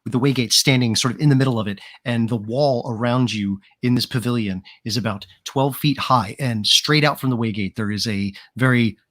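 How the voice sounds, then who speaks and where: A man's voice: medium pitch, a little fast, few pauses, fairly bright tone, dry recording. Dry-voiced man narrating as game master. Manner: rambling, hedging descriptions full of "sort of" and "kind of".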